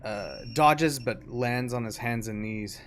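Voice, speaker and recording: A young man running a tabletop game as game master, narrating in an easygoing, halting way. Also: medium pitch, slight background noise. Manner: easygoing, hesitant with fillers.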